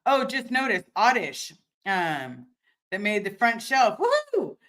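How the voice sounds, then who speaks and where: Streaming from home, this woman hosts a relaxed livestream chat, responding to comments from viewers. Her medium-pitched, fairly bright voice is very animated, though she takes her time. She's open and talkative, cursing freely and often restarting sentences amid plenty of fillers.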